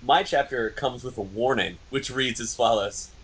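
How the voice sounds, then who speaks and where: A man's voice: mid-range voice, normal speed, fairly bright tone, husky, low-quality recording. A man co-hosting a comedy podcast, reading a silly story aloud and often breaking into laughter. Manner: reads with bursts of laughter. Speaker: podcast co-host.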